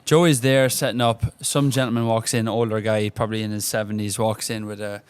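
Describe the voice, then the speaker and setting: An Irish man co-hosting a podcast, telling a bar story in a casual, even-keeled way. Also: on the low side, a little fast, smooth, no echo. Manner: even-keeled, level energy. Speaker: podcast co-host and bar worker.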